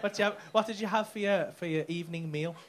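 A man's voice: high voice, fast. A man doing stand-up crowd work, teasing and mocking the audience with lots of swearing. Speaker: stand-up comedian. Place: comedy club stage. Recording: live club with audience laughter.

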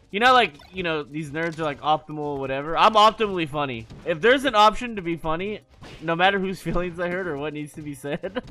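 A man's voice: fairly high pitch, bright, forceful tone. A man streaming live in casual chat, profane and teasing, laughing often between lines.

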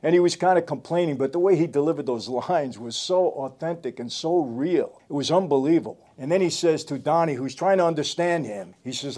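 Older man with mellow voice, emphatic. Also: a little high, brisk, hardly any pauses. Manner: emphatic, repeats phrases for weight. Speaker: host. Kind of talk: casual storytelling commentary.

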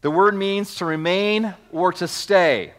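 A high-pitched male pastor preaches at a slow pace. He reads scripture, then expounds on it with repeated words, restarts and rising emphasis, and calls on the congregation to join him.

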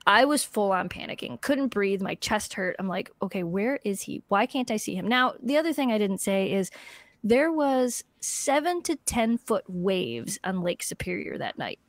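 A woman co-hosting a podcast, telling a story in casual chat, animated and laughing often as she acts out what people said. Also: medium pitch, moderate pace, dry recording. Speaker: podcast co-host.

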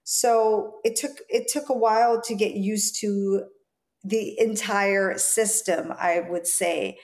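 Lively Jamaican-born woman telling stories. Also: mid-range voice, takes it slowly. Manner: lively storyteller, acts out quoted voices. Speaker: stylist guest. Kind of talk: interview storytelling.

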